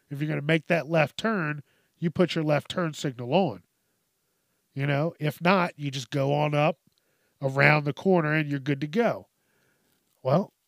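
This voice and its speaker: Male comedy host, gravelly, profane ranter, dry sound. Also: a little high, no echo. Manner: profane, irritated ranting. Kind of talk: comic rant.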